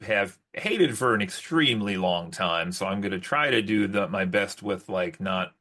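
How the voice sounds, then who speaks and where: A man's voice: on the low side, lively intonation, moderate pace, bright, forceful tone. A man co-hosting a podcast in casual chat, rambling and restarting often. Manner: rambling, with many fillers and restarts. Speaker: podcast host.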